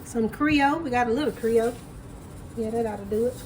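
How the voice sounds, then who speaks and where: A woman's voice: a little high, a little fast, darkish tone, slight background noise, rough recording. A woman chatting folksily to viewers while she prepares food in her home kitchen. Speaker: home cooking vlogger. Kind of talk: casual cooking chat to camera.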